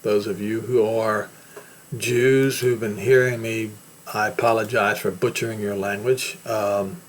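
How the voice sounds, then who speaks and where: A man's voice: on the low side, little pitch movement, unhurried, slight background noise. A man with an American accent giving an emphatic, preaching commentary on news and scripture. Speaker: religious commentator.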